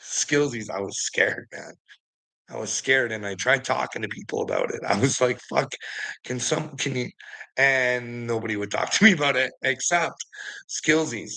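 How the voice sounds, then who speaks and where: A man's voice: medium pitch, moderate pace, creaky, sharp tone. A man telling a rambling story to a friend in casual chat, swearing a lot and laughing often mid-sentence. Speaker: vlogger.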